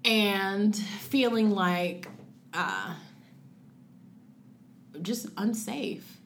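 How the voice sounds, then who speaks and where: A young woman telling a personal story in a casual conversation, filling it with "like" and quoting her own thoughts, rushing some phrases and slowing on others. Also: medium pitch, slight background noise. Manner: frequent "like" fillers, acts out her own past thoughts in quotes; rushes through phrases, then slows on key words. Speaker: guest sharing a personal story.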